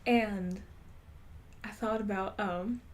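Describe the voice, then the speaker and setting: A woman's voice: mid-range voice, steady tone, slow pace. A woman streamer chatting casually while gaming, rambling and laughing often. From Texas.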